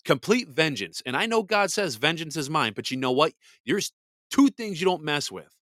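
A man's voice: a little high, big pitch swings, moderate pace, a bit bright, no echo. A man hosting a podcast, ranting in blunt, profane, heated commentary. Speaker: podcast host. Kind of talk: angry commentary.

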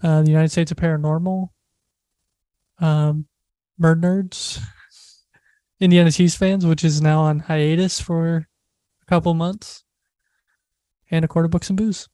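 A man's voice: a little high, flat delivery, a little slow, long pauses, warm tone, no echo. A man co-hosting a podcast, upbeat as he plugs the show in casual chat. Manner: upbeat plugging and sign-off chatter. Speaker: podcast co-host.

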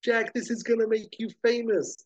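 Man putting on a high, flirty action heroine. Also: little pitch movement, normal speed, highs cut off. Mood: brash. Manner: high teasing put-on voice. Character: reckless, bold, flirty woman heroine.

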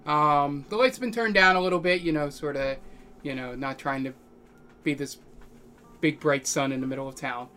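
Bright-voiced man running a tabletop game. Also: fairly high pitch, a little hiss or hum. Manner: rambling, lots of ums and pauses. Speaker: game master.

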